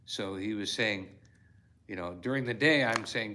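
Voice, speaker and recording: A man's voice: fairly low pitch, moderate pace, sharp tone. A male storyteller in a reflective fireside talk, reading his own devotional in an earnest, heartfelt way with sudden exclamations.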